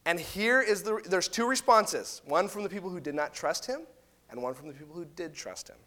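A man's voice: high voice, a little fast. A man preaching a sermon, retelling scripture in casual paraphrase and acting out the quoted voices. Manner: animated, acts out quotes of biblical figures in casual paraphrase. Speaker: pastor.

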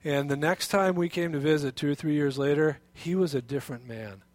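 Man, pastor; lively storytelling sermon, a touch high, dry and close. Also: a little fast, no room sound. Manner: animated storytelling, many restarts and fillers.

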